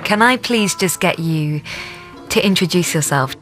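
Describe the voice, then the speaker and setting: Low-voiced woman narrating a documentary. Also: expressive, a bit bright, soft background music. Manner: measured, clear storytelling narration. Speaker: host. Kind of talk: scripted narration and interviewing.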